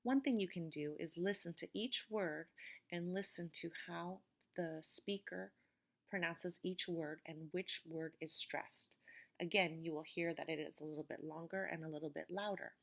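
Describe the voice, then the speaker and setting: A woman with a fairly low-pitched voice walks through English vocabulary, enunciating words slowly and clearly to show where the stress falls.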